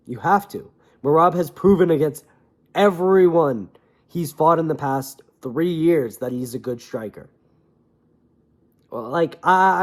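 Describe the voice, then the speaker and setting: A young man giving casual, opinionated fight commentary, animated and swearing freely. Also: fairly high pitch. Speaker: MMA commentator.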